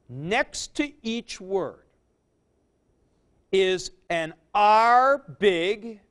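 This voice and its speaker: A man teaching Greek lectures on verbs, reciting forms aloud as drills and driving key points home with emphatic asides. He has a high, fairly bright voice that sounds clear and resonant.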